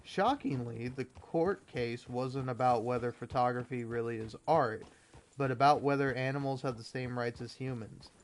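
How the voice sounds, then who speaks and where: A young man who makes gaming videos reads out an article and delivers exasperated, sarcastic commentary laced with profanity. He speaks at a medium pitch and moderate pace, with slight background noise.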